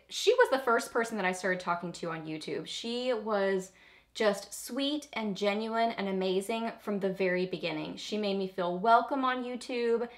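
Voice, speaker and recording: A woman's voice: on the high side, a bit bright. Bubbly young woman vlogger gushing. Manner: bubbly, gushing, squeals with delight. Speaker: beauty vlogger. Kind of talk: casual unboxing chat.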